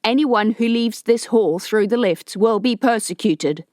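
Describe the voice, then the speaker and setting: A woman's voice: a little high, unhurried, darkish tone, no echo, clean studio sound, voice pushed up, natural voice. A woman voicing a cold male announcer in an audiobook, giving formal, stern warnings. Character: cold official announcer man. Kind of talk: audiobook character voice.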